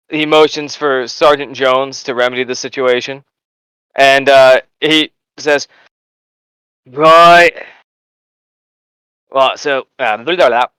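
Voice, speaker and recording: A man narrating as game master of a tabletop game, storytelling in a lively way with fillers. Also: medium pitch, smooth, dry recording, low-quality recording.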